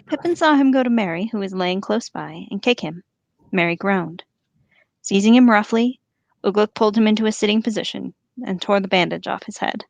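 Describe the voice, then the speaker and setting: Gravelly-voiced woman reading a story aloud. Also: medium pitch, a little fast, no room sound. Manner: animated, laughs easily. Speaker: podcast host and reader. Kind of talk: reading a novel aloud with commentary.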